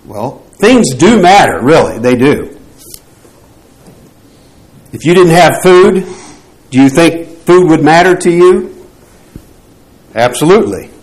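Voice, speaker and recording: A man's voice: a little high, very animated, takes it slowly, pauses often, a little mellow, low-quality recording. A man teaching a Bible class, posing rhetorical questions to the group and often restarting his phrases.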